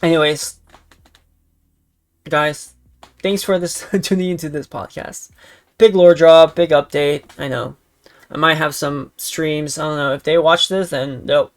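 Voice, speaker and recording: A man's voice, raspy and hoarse from talking too long, delivers a casual, rambling vlog update. He vents his frustration, circling back over the same phrases. Underneath it all he sounds tired and ready to sleep. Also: fairly high pitch, steady tone, a little slow, fairly bright tone, soft background music. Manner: frustrated venting with repeated phrases. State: hoarse, voice worn out. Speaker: streamer.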